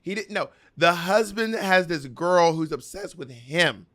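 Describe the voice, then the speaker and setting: Emphatic higher-voiced man, podcast co-host. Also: a little slow. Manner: emphatic, animated storyteller. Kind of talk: casual chat. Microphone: podcast mic on video call.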